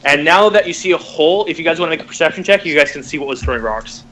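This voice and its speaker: Male GM, bright tone, stumbling, filler-heavy narration, faint hiss behind. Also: a little high, lively intonation, low-quality recording. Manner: halting, many fillers and restarts. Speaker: game master. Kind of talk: narrating a tabletop game.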